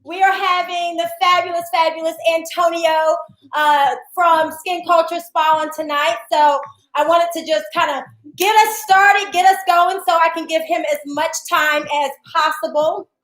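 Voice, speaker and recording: A woman's voice: very high-pitched, fairly even intonation, normal speed, fairly bright tone, echoey room, rough recording. A woman hosting a livestreamed beauty and self-love show, bubbly and a little winded, greeting viewers by name with frequent laughs. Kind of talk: casual livestream chat. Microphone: device streaming to social media.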